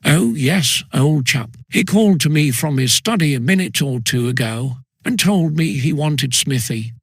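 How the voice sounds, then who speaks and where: A man voicing a fat, greedy, cowardly schoolboy who stammers and wheedles in a squeaky voice, in a storybook reading. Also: measured pace, a bit bright, breathy edge, dry recording, clean studio sound, full character voice. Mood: pleading.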